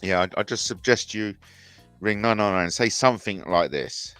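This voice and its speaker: A man's voice: on the low side, moderate pace, fairly bright tone, clear, resonant tone, dry recording, soft background music. A man hosting a rambling livestream, mocking and swearing and repeating himself. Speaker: host. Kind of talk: rambling solo livestream rant.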